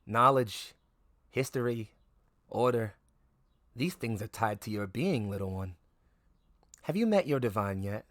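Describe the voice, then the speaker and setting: A man voicing an ancient, wise turtle-folk sage woman who speaks slowly and gently. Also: lowish voice, expressive, no room sound, studio quality.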